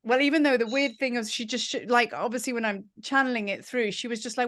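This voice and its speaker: Spiritual teacher, woman, guided meditation and lively group chat on a video call. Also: fairly high pitch. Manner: soft, slow guided-meditation voice; lively, excited chatter with laughter.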